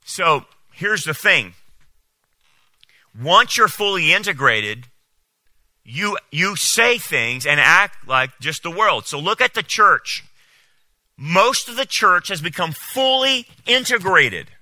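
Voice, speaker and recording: A man preaching a sermon as a pastor, animated and incredulous, often mocking what others say. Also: high-pitched, slow, dry recording.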